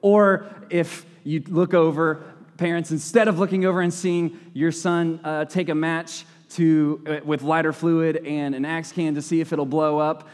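A man's voice: fairly high pitch, little pitch movement, unhurried. A young man giving a casual sermon, talking conversationally with playful asides and frequent self-corrections. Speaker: lay preacher. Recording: long hall reverb.

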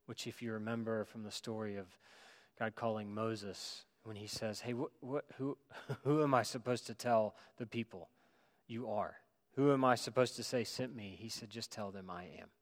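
A man's voice: on the low side, fairly even intonation, moderate pace. Man preaching in a reverberant hall. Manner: swings from loud emphatic preaching to quiet, hushed reflection. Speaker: pastor. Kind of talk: sermon.

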